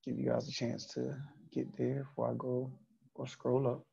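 A man's voice: medium pitch, level tone, moderate pace, vocal fry, dark tone, husky, muffled recording. A man teaching an online statistics class, explaining step by step and repeating key points.

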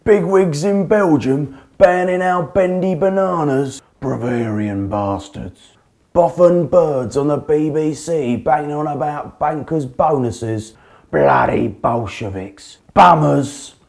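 A man's voice: a little high, slow, gravelly, a little mellow, pitched above the performer's own voice. A man voicing a boorish, big-bellied male pub bully who rants and bellows. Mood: ranting. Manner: ranting, bellowing.

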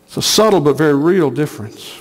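A man's voice: a little high, animated, a little fast, darkish tone, big-room sound. A man preaching a sermon as pastor, earnest, repeating phrases for emphasis. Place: church sanctuary.

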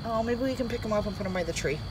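A woman's voice: on the high side, very fast, background noise. A young woman from the United States chatting casually in her daily vlog, sliding into bubbly baby talk with her pets. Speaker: vlogger.

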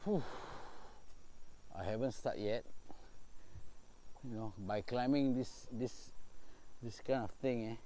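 A man's voice: mid-range voice, slow pace, long pauses, dark tone, a little hiss or hum. A man with a Singaporean accent hosting a live ghost hunt outdoors at night, coaxing and pleading with questions. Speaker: ghost-hunting host. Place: outdoors in a nature park at night.

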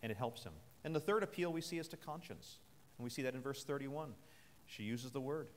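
A man's voice: mid-range voice, fairly quick, slight background noise. Man preaching in an echoey chapel. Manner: earnest, conversational, retelling a scripture story. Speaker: preacher at a military chapel service. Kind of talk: sermon. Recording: long chapel reverb.

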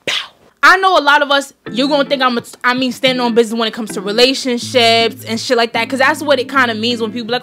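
A woman's voice: a little high, quick pace, bright, forceful tone. A woman in her twenties with a New York accent, hosting a podcast and giving a blunt, profane, fired-up motivational talk. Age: 20s. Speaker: podcast host.

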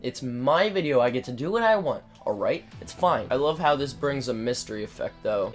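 Rambling man commenting on his gameplay. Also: medium pitch. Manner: rambling, chatty, swears when frustrated. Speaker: gaming channel host. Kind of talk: let's play commentary. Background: faint video game music.

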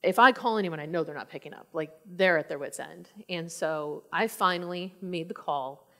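A woman shares her own story from the front of a church in a fairly low voice. She tells it as a lively tale, acting out her past remarks and breaking into laughs as she goes. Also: normal speed. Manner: laughs often. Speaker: church speaker sharing her testimony. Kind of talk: personal testimony talk.

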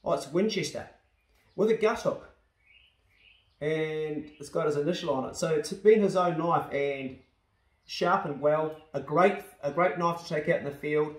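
A man with a New Zealand accent talks casually and bluntly, swearing freely as he reads his fan mail. His voice sits a little high for a man. The small room around him gives it a noticeable echo. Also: measured pace. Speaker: YouTuber opening fan mail. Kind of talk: casual chat. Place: house truck on a rainy day.

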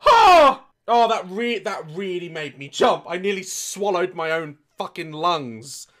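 A high, bright male comedy YouTuber: loud, sweary, excitable reactions. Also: measured pace. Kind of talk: reaction commentary.

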